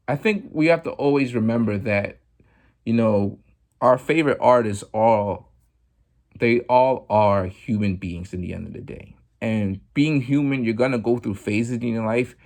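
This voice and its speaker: A man hosting a podcast, talking through music news in a relaxed, chatty monologue full of "like" and "you know". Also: medium pitch, a little slow, gravelly. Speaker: podcast host. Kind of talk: casual commentary monologue.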